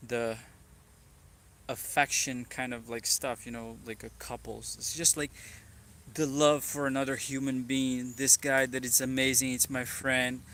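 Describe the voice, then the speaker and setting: With a Brazilian Portuguese accent, a Brazilian man reflects earnestly in a rambling personal vlog, leaning on "like" as filler. He speaks unhurriedly in a medium, fairly flat pitch that's a bit bright, with a little hiss or hum in the recording.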